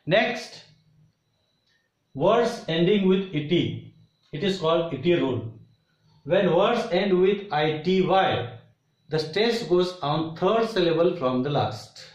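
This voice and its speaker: A man giving a pronunciation lesson, repeating example words slowly and deliberately. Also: sits high, expressive, echoey room, rough recording. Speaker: teacher.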